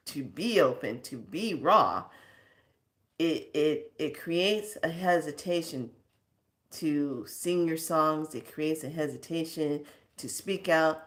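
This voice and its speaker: A woman slowly telling a personal story, acting out the dialogue as she goes. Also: low voice. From California. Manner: slow, reflective, acts out quoted dialogue. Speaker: storyteller sharing a personal lesson.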